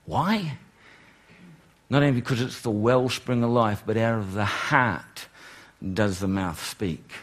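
A middle-aged man preaching a sermon, animated, swinging from loud exclamations to hushed, pleading lines. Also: fairly low pitch, slow. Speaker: pastor.

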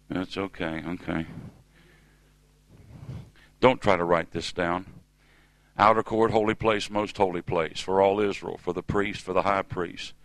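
A man's voice: low-pitched, vocal fry, fairly bright tone, dry recording, low-quality recording. A middle-aged man preaching a sermon in a church service, emphatic and calling on the congregation to respond.

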